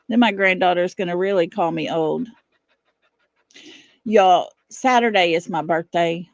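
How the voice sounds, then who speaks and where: Slow-talking middle-aged woman chatting live from home. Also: medium pitch, no echo. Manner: chatty, laughs often, fusses over her dog. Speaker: livestream host. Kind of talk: casual livestream chat. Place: at home, indoors.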